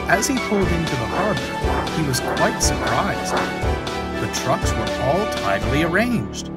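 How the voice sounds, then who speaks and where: A man narrating a storybook in an expressive, animated way. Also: medium pitch.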